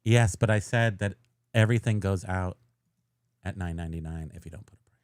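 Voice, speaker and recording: A man co-hosting a casual podcast, joking and rambling, his voice often trailing off quietly. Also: low-pitched, a little fast, clean tone, no room sound, studio quality. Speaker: podcast co-host. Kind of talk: casual livestream chat.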